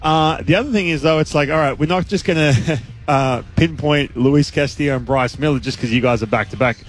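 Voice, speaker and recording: A man's voice: on the high side, brisk. A man, a baseball analyst guest, talking casually on sports radio in a rambling way with many restarts and asides.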